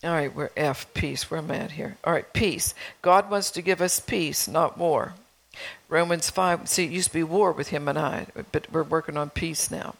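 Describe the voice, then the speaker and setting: A woman's voice: low-pitched, moderate pace, creaky, poor audio. A woman preaching a sermon in a conversational way, reading scripture and telling stories from her own home life.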